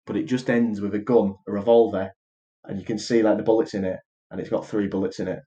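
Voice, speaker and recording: A man's voice: lowish voice, fairly even intonation, fast, dark tone, lo-fi sound. A man co-hosting a podcast, chatting casually as he retells a film plot, with lots of fillers and restarts. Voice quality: rambling with many fillers and restarts. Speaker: podcast co-host.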